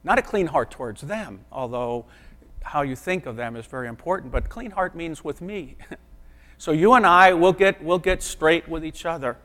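A man with a notably high voice preaches a sermon, speaking earnestly and conversationally rather than thundering. He often softens into quiet asides. His words ring out with the long, lingering reverb of a large sanctuary. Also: expressive, normal speed. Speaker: pastor.

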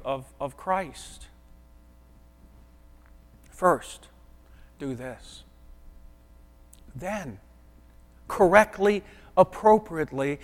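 A man preaching a sermon as pastor, in an earnest, conversational way that often drops into soft, quiet asides. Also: high voice. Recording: long reverb of a large hall.

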